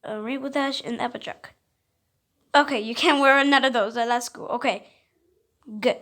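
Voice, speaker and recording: A woman casually reacting to a video, talking in a halting, distracted way. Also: on the high side, steady tone, fairly bright tone.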